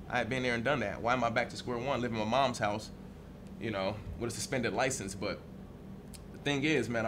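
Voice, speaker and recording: Fast-talking man, candid and frank. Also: mid-range voice, background noise. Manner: candid, frank, casual swearing. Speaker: interviewee, teacher. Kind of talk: reflective interview.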